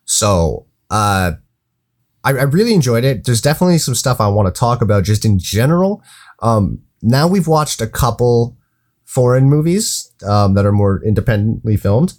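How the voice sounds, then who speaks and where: A man's voice: medium pitch, sing-song, moderate pace, a little mellow. A man co-hosting a casual movie podcast, giving his thoughts in a rambling, hesitant way full of restarts and filler. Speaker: podcast co-host.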